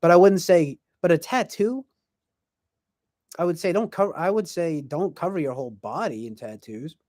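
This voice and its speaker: A man's voice: a little high, animated, moderate pace, a little mellow, dry recording, studio quality. A man hosting a podcast, talking in a casual, rambling way with lots of fillers and restarts. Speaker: podcast host.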